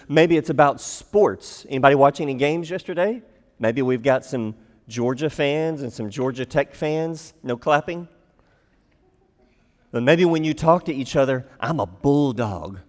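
A man's voice: fairly high pitch, a little slow. A man preaching a sermon, acting out quoted lines in a raised voice. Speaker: pastor. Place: church sanctuary. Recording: long hall reverb.

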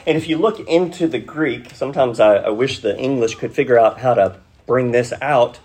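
A man's voice: medium pitch, normal speed, few pauses, darkish tone, husky. A man preaching a verse-by-verse sermon in a teacherly way, checking in with his listeners through rhetorical questions. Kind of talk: expository sermon.

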